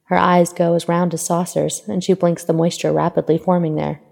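Low gravelly woman narrating fan fiction. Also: little pitch movement, brisk, a little mellow. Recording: long hall reverb.

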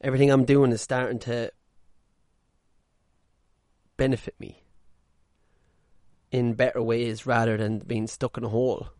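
A man's voice: mid-range voice, darkish tone, no room sound, studio quality. A man hosting a casual monologue podcast from a caravan, talking bluntly, swearing freely and now and then mocking people in put-on voices. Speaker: podcast host.

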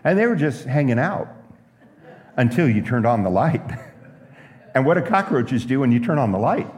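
A pastor preaching a sermon, telling stories and asking the room questions. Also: male voice, medium pitch, normal speed, long reverb tail. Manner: lively preaching with stories and asides.

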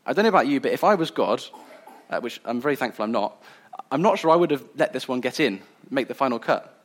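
Male preacher, sermon, earnest, conversational, mid-pitched. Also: lively intonation, fast talker. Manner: earnest, conversational, some restarts.

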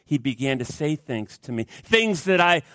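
Guy preaching as a teary widow, earnest, kinda high, dry close sound. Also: big pitch swings, moderate pace, a bit bright, no room sound. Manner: tearful, earnest confession. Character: grieving widow who found her way back.

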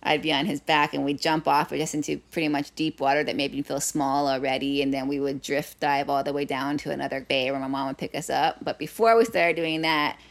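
A woman from Hawaii telling a personal story in conversation, animated and full of "like" fillers. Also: low-pitched, a little fast, hardly any pauses. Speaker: guest.

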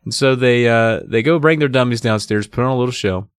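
A man co-hosting a casual podcast recap, reading a book excerpt aloud and jumping into high put-on voices for the characters. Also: a little fast, smooth, no echo, studio quality. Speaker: podcast co-host.

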